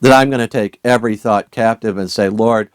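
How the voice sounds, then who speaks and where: A man's voice: fairly low pitch, steady tone, brisk, smooth, no room sound. A man teaching a Bible study as a sermon, earnest and urging, asking his listeners many rhetorical questions.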